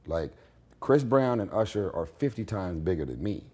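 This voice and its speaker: A man with a raspy voice giving blunt, confident opinions in a candid interview at his home. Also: deep voice, very animated, normal speed, warm tone. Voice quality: raspy, gravelly voice. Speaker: interview guest, singer.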